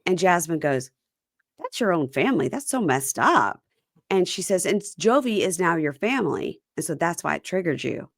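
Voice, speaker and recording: A woman hosting a casual recap chat, retelling scenes and quoting people in lively voices. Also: fairly low pitch, moderate pace, creaky, dry recording, clean studio sound. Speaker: podcast host.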